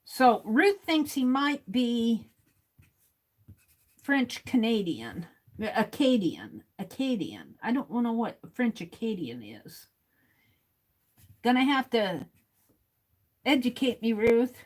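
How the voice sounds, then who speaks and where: A woman hosting a casual livestream, reading viewer comments aloud, chuckling often and thinking out loud. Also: on the high side, very animated, slow pace, pauses often, poor audio. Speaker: livestream host.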